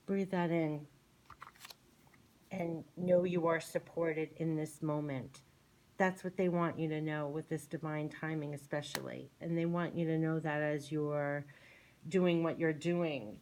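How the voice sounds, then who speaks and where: A woman's voice: low-pitched, steady tone, normal speed, darkish tone, low-quality recording. A woman reading oracle cards in a soothing, gushing way, often repeating her phrases. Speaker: tarot and oracle card reader. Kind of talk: spiritual card reading monologue. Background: shuffling cards.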